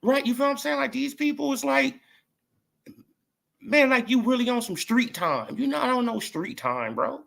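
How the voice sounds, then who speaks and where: Very high-pitched and expressive, this man talks at a moderate pace with vocal fry and a slightly bright tone. As a boxing vlog host, he delivers a casual opinion rant full of mockery and repetition, often asking "right?" and "you feel what I'm saying."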